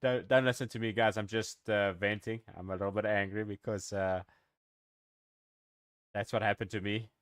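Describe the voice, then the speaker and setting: Low-voiced streamer, rambling. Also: male voice, steady tone, moderate pace, pauses often, clean tone, no echo, studio quality. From South Africa. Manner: rambling, chatty with viewers, swears and chuckles. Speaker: game streamer. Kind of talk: casual live-stream chat.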